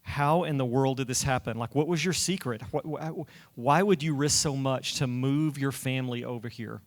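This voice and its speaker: A man co-hosting a casual church-stage conversation, talking in a halting, self-correcting, friendly way. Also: medium pitch. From United States. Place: church hall. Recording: echoey hall reverb.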